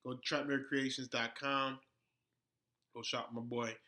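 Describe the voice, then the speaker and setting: Bright-voiced, blunt, profane vlogger man. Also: medium pitch, flat delivery, a little slow. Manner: heated during the rant, laid-back in the sign-off. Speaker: vlog host. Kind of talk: casual vlog rant.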